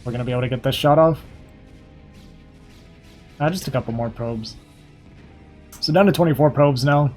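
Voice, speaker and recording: A young man giving casual, quick play-by-play commentary on a strategy game match, a little hoarse and thinking aloud as he goes. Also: medium pitch, a little mellow, soft background music. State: slightly hoarse, losing his voice. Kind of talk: live esports play-by-play commentary.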